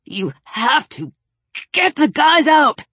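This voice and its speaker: A woman's voice: high-pitched, big pitch swings, slow pace, bright, forceful tone, no room sound, pitched above the performer's own voice, full character voice. A woman voicing a badly wounded young man who gasps and cries out in short, strained bursts. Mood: urgent. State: gasping in pain.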